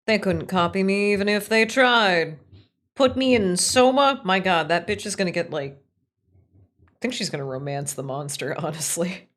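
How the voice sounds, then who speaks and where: Foul-mouthed woman streamer, low voice. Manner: profane, rambling, quick to laugh. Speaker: game streamer. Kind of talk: casual let's-play chatter.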